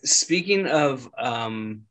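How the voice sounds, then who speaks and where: A man's voice: medium pitch, expressive, extremely slow, fairly bright tone, slight background noise. A man hosting a casual chat show, talking loosely with lots of fillers and laughs. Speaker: podcast host.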